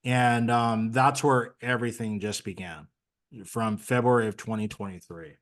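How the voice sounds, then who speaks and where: Speaking at a moderate pace with a lowish voice and fairly even intonation, a man recounts his own story candidly as an interview guest. His manner is sincere and chatty, sprinkled with lots of fillers.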